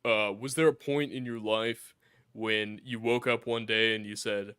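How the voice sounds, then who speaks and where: A man hosting a casual podcast, his voice bright and crisp over a dry close mic. He asks his questions in an upbeat, chatty way. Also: fairly low pitch, steady tone, a little slow, no room sound. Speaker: host.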